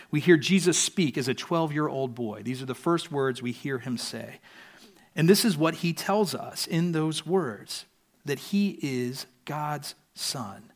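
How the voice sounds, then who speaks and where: Man, pastor, sermon, earnest, fairly high pitch. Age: adult parent. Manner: earnest, dropping softer at sentence ends.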